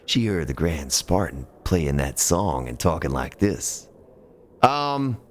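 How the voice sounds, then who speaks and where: Slow, lively-voiced man streaming a game. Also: a bass voice. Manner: counts aloud while building, chats with viewers, mutters at the game. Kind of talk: casual live-stream gameplay commentary.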